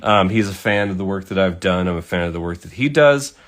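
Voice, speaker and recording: A man's voice: low voice, expressive, a little fast. A man telling a rambling, casual story while painting, swearing freely and using lots of fillers.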